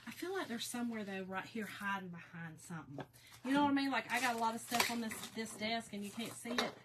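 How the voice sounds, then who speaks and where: A woman's voice: on the high side, fast, very noisy. A woman chatting casually with her viewers while she crafts on a livestream, laughing often.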